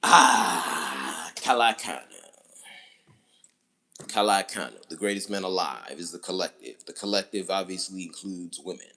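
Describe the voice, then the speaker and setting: A somewhat low-voiced man holding forth on his own livestream. He speaks in firm, declarative bursts and repeats short punchy phrases. His monologue slips into rhythmic chanting. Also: brisk, hardly any pauses, a bit bright. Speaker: livestream commentator.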